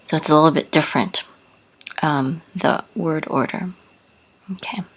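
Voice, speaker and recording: A woman giving a patient language lesson, soft-spoken and careful, stopping often with fillers as she spells out sounds. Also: low voice, moderate pace, creaky, a little hiss or hum, rough recording. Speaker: Hebrew teacher.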